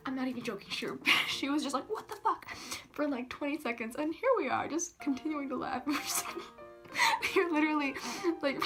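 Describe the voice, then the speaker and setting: A young woman telling a storytime tale casually. She swears a lot, fills her talk with "like", giggles and sometimes drops to a hush. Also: high-pitched, fairly quick, over music. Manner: giggly, profane, filler-heavy, hushed at times. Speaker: vlogger.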